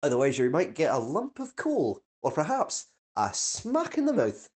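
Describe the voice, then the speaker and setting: A man putting on a Scottish football manager's voice for a cheery parody toy-shop ad, breathy and mock-jolly. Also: fairly high pitch, huge pitch swings, normal speed, darkish tone.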